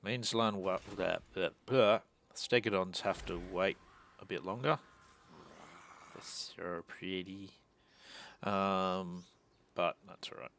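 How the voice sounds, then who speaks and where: Deep gravelly gamer muttering along. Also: male voice, fairly even intonation, slow, long pauses, fairly bright tone, slight background noise. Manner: muttering, thinking aloud, self-deprecating. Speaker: gaming channel host. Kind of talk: strategy game commentary.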